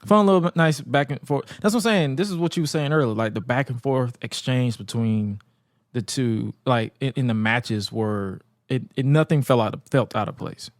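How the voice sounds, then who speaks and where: A man co-hosting a podcast, recapping old wrestling episodes in a casual, animated way, laughing often and acting out quotes. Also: mid-range voice, moderate pace, no room sound, studio quality. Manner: animated, acts out quotes in exaggerated voices. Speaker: podcast co-host.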